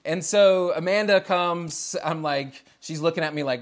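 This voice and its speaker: A man in his thirties from the United States, a pastor preaching a relaxed, conversational sermon in a storytelling way, chuckling often between phrases. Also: fairly high pitch, a little slow, few pauses.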